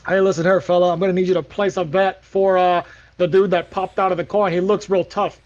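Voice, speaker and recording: A man's voice: sits high, flat delivery, quick pace, darkish tone. A man playing a tabletop game, talking in a brash, wheedling way. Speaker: player. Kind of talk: character voice in tabletop play. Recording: dull, muffled audio.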